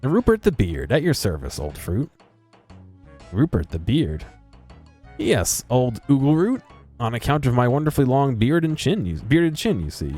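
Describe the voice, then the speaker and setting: A man voicing a pompous, old-fashioned bearded old gentleman stuck in a tower, talking in a fussy posh manner. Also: low voice, very animated, moderate pace, hardly any pauses, husky, soft background music, pitched below the performer's own voice, exaggerated voice.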